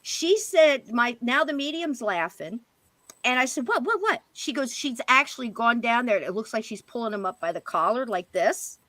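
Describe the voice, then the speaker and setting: A middle-aged woman telling a personal story in a casual, animated way, jumping higher when she quotes people. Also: moderate pace, dry recording. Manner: animated, jumps to higher pitch when quoting others. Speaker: podcast guest.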